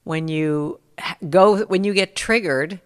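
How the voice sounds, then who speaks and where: A middle-aged woman in a casual conversation, telling stories and acting out what people said in lively bursts. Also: lowish voice, takes it slowly, clean tone, big-room sound. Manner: animated storyteller, acts out quotes. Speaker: musician guest.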